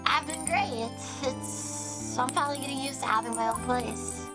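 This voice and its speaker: A woman voices a young girl on the phone, bubbly and teasing, her voice lifted high and quick. Game music plays loudly underneath.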